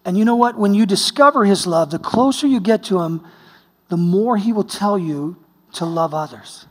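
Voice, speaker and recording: A man from the United States preaching a sermon, telling a story, swinging between hushed and exclaiming. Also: high-pitched, normal speed. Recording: long hall reverb.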